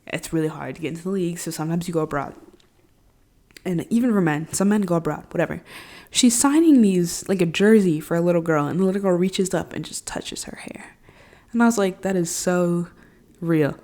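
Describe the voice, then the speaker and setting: A woman hosting her own podcast, talking casually and animatedly, full of slang with big jumps in pitch and loudness. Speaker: podcast host. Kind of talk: casual solo podcast talk.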